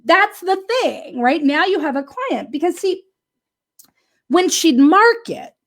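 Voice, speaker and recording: High-voiced woman business coach. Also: slow. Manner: animated storytelling, frequent "right?" and laughs. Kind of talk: casual motivational talk.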